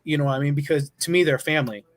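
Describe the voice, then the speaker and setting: A man with a somewhat high voice hosts a casual podcast. He reminisces loosely and swears freely, often laughing along. His talk is relaxed, fast to move on, and full of filler. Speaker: podcast host.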